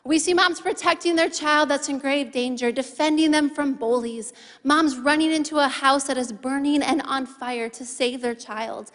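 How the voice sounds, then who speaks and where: Bright high-voiced woman preaching. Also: normal speed. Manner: emphatic, repeats phrases, playful asides to the audience. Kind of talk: sermon to a live congregation. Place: large church hall. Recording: long reverb of a large hall.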